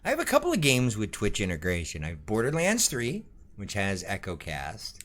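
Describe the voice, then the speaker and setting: Bright-voiced joking male streamer. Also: on the low side, huge pitch swings, brisk, slight background noise. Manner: joking, swearing, rambling. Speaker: streamer and show host. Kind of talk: casual stream chat.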